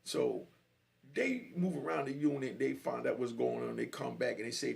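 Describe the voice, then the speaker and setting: A man's voice: mid-range voice, normal speed, vocal fry, darkish tone. A man telling his own jail story in casual street slang, often saying "you know".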